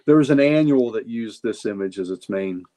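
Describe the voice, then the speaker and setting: A man's voice: on the low side, animated, normal speed, mellow, slight background noise. A man chatting casually on a livestream, showing off his comic books with rambling enthusiasm and frequent repeated words. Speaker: guest comic collector.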